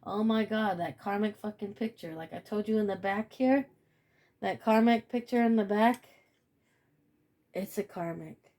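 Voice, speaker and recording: A woman's voice: mid-range voice, a little slow, darkish tone. A woman giving a casual spiritual reading to camera, blunt and profane, repeating phrases and laughing often. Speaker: tarot reader.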